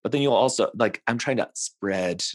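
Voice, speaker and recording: Podcast guest, male, deep and husky, loose rambling delivery. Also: normal speed, no echo, studio quality. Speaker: communications expert guest. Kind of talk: casual political discussion.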